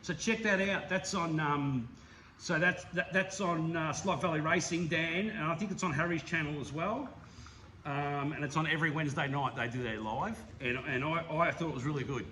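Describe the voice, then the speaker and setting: A man with an Australian accent hosting a casual, rambling roundup of hobby channels, enthusiastic and quick to laugh. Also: on the high side, bright, forceful tone, slight background noise. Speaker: slot car hobby channel host.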